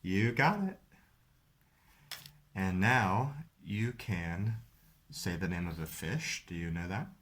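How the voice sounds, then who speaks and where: A man's voice: deep voice, lively intonation, slow pace, pauses often, fairly bright tone. A man hosting a video, casually explaining the rules of a card game step by step. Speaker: host.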